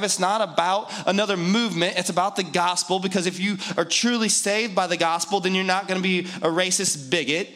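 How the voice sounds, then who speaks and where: Male pastor, slightly higher voice, chatty sermon delivery with emphatic repeats. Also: a bit bright. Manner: conversational and joking, with emphatic repetition.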